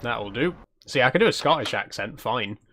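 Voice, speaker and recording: A male streamer chatting through a cozy game with a small audience. His voice sits at an ordinary middle pitch, and he keeps up a casual, self-mocking patter broken by frequent laughs. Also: animated, normal speed, sharp tone. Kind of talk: live stream gameplay commentary.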